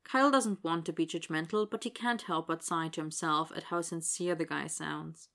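Woman narrator, low pitch, bright crisp tone, steady and wry. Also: normal speed. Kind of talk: audiobook narration.

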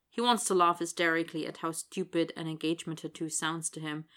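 Woman narrator, low pitch, bright crisp tone, steady and wry. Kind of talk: audiobook narration.

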